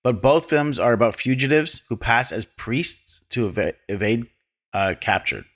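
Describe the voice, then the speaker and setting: A man co-hosting a film podcast, reading trivia from his notes with dry deadpan jokes. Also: mid-range voice, normal speed. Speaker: podcast co-host. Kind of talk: casual film discussion.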